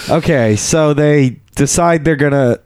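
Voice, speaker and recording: A man's voice: a little high, measured pace, darkish tone, smooth, no echo. A man guesting as a comedian on a podcast, joking crudely and laughing often about a movie. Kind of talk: casual movie discussion.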